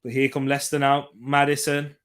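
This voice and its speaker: A young man hosting a live football watchalong, jumping between excited match calls and quieter chatter with viewers. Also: mid-range voice, brisk, clean tone. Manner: excitable, switches between loud hype and quiet chat reading. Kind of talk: live match commentary and chat reading.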